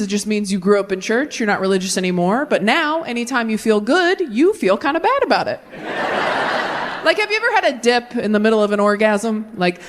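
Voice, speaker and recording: A woman's voice: fairly high pitch, a little hiss or hum. A woman in her thirties doing a brutally honest, self-deprecating stand-up set into a handheld mic on a comedy stage. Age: 30s.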